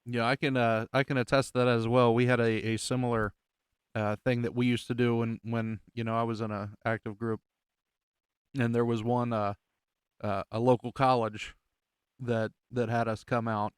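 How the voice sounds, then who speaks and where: Male podcast host, smooth clear voice, easygoing, dry close sound. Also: mid-range voice, flat delivery, dry recording. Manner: easygoing, quick to laugh along. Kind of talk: casual interview chat. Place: outdoors outside his house.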